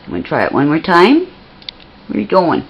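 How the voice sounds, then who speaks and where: A woman's voice: lowish voice, wildly swooping pitch, fairly quick, gravelly, dull audio, a little hiss or hum. Woman cooing baby talk at her pet. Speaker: pet owner filming her bird. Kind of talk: home video chat with a pet. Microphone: handheld camcorder.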